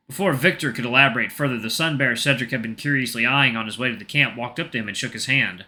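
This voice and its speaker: A man's voice: medium pitch, fast talker, hardly any pauses, pushed and bright. A man reading a story aloud for a video, casual and self-correcting, with asides. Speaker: narrator and uploader.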